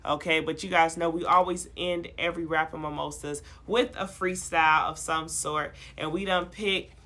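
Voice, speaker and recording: A woman's voice: low-pitched, fairly even intonation, moderate pace, sharp tone. A woman hosting a casual podcast, talking in an upbeat, playful, slangy way. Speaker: podcast host.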